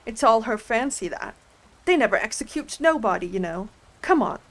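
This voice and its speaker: A woman voicing a brusque, common-talking griffin in an ASMR storybook reading, loud and dismissive. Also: fairly high pitch, animated, moderate pace.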